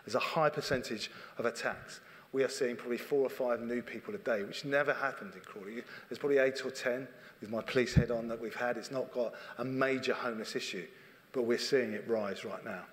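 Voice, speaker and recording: A man's voice: mid-range voice, a little fast. A middle-aged man preaches to his congregation in a plain, conversational manner. He speaks earnestly and circles back to the same phrases. His voice carries a long reverb from the church hall around him. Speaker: church leader. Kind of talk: sermon.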